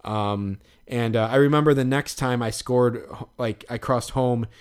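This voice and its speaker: A man's voice: mid-range voice, normal speed, clear, resonant tone. Rambling casual man, heavy on fillers. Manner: rambling, lots of fillers and "like", acts out quotes. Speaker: podcast co-host recapping a show. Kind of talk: casual chat.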